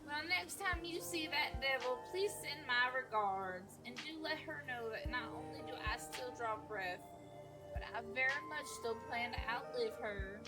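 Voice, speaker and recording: Brief: woman doing a spiteful elderly lady, slow and archly genteel, higher voice, music bed. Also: far from the mic, natural voice. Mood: haughty. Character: elderly woman, prim and spiteful toward a cat. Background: game music.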